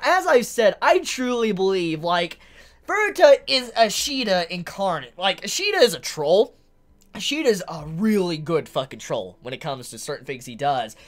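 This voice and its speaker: A woman breaking down a manga chapter in casual, excitable talk, swearing a lot and laughing often. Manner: excitable, profane, laughing, gets loud and shrill when thrilled.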